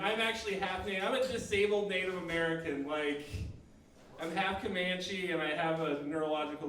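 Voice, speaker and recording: High, bright young comedian in an echoey room. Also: male voice. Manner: rambling, self-mocking, laughs at his own jokes. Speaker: stand-up comedian. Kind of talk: stand-up comedy set. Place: small coffeehouse. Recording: echoey room, mic far off.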